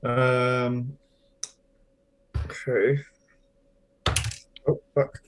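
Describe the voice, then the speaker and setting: A man's voice: mid-range voice, level tone, extremely slow, noisy background. A man playing a tabletop game, talking casually and hesitantly. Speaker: player.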